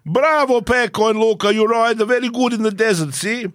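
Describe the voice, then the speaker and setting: A man's voice: very high-pitched, normal speed, a bit bright, dry recording, clean studio sound, pitched above the performer's own voice. A man doing a comic impression of a scheming older Italian racing team boss, with a put-on Italian accent and broken English.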